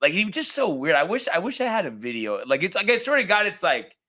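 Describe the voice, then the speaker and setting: A man's voice: high voice, big pitch swings, quick pace, pushed and bright. A man co-hosting a casual sports show, telling a long story in a rambling way with lots of fillers. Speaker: podcast co-host.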